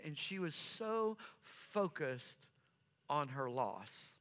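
Slow, bright-voiced male preacher. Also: a little high, sing-song. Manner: earnest storytelling, repeats phrases for emphasis. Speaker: pastor. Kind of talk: sermon. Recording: long reverb of a large hall.

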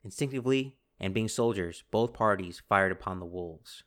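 A man hosting a casual history podcast, telling the story with animated bursts and acted-out quotes. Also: lowish voice, moderate pace. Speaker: podcast host.

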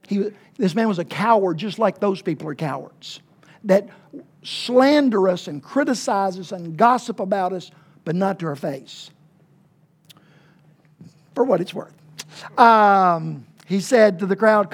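Homespun pastor, informal sermon delivery, stops and starts, then presses points hard. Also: mid-range voice. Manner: conversational, halting with fillers, emphatic asides. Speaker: pastor of a small church.

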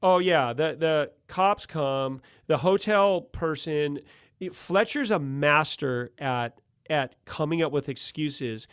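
A man's voice: on the high side, slow, clear, resonant tone, no echo, clean studio sound. A middle-aged man telling a wild story in casual, slangy chat, laughing often. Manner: laughs often, animated, slangy ("dude", "gnarly").

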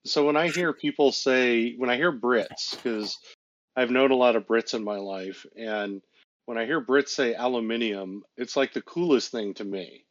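A man's voice: mid-range voice, normal speed, no room sound. Hesitant man on a dull mic. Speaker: podcast co-host. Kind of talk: casual chat.

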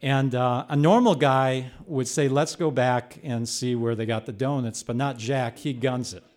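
An older man telling a personal story on stage, animated and building to loud bursts as he relives the chaos. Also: mid-range voice, unhurried. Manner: animated, rising to shouts when reliving the chaos.

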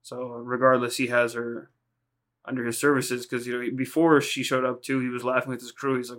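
Flat-voiced man casually recapping episodes. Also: medium pitch, fairly quick. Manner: rambling, profane, retells scenes in quoted voices. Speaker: podcast co-host.

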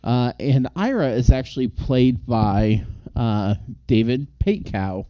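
Mellow easygoing male podcast co-host. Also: medium pitch, measured pace, no room sound, muffled recording. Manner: easygoing, hesitant, many ums. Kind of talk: casual chat.

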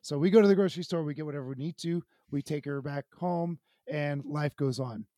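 A man co-hosting a podcast, telling a comic story in an animated way and laughing as he goes. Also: a little high, brisk, dry recording, clean studio sound. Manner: animated, laughing as he tells stories. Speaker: podcast co-host. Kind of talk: casual chat, comic storytelling.

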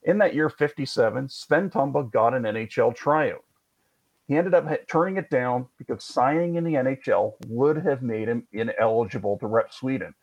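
A man's voice: medium pitch, normal speed, highs cut off. Wry man telling history. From Canada. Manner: wry, chatty, rambling asides and jokes. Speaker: podcast host. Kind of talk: conversational history storytelling.

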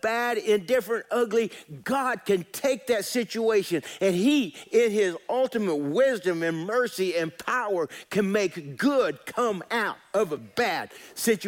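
A pastor preaches with a high, bright-edged voice. He is folksy and animated, dropping soft and then rising loud as he calls on his congregation to join in. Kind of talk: sermon.

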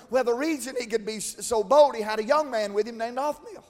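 High-voiced preacher in a reverberant church. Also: male voice, a little fast, few pauses. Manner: preaching with chanted, shouted rises and quiet asides. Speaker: pastor. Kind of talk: sermon. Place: large church. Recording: long reverb of a church hall.

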